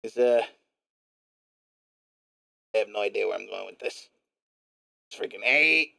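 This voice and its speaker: A male streamer giving live gameplay commentary in a put-on gruff newsman voice, profane and playful. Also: on the low side, expressive, measured pace, pauses often, bright, forceful tone, no echo, clean studio sound.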